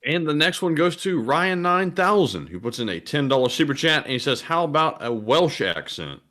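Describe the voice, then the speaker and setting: A male co-host on a live stream, reading viewer messages in a steady, friendly cadence. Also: on the high side, normal speed.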